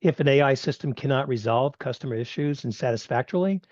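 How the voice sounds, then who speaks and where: A man's voice: medium pitch, quick pace, darkish tone, no echo, lo-fi sound. A man giving a conversational online presentation with some fillers. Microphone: video call.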